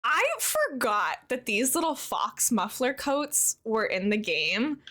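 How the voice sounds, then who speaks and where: A young woman with a high, bright voice chats casually on a live stream. Her pitch swings widely as she greets viewers by name. She sounds giggly and animated. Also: takes it slowly.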